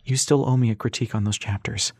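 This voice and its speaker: A man's voice: fairly low pitch, fairly even intonation, quick pace, husky, no echo, studio quality. A man voicing an earnest, emotional young woman, raising his voice and pleading. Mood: worried, pleading.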